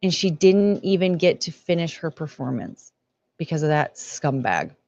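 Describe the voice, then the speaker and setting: A woman's voice: deep voice, lively intonation, normal speed, darkish tone, lo-fi sound. A woman hosting a casual livestream, talking in a rambling, emotional way and swearing freely. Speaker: livestream host.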